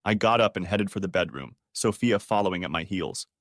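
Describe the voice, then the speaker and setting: A man narrating a first-person drama story for an audiobook in a dramatic, expressive way. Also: low voice, fairly quick, no echo, clean studio sound.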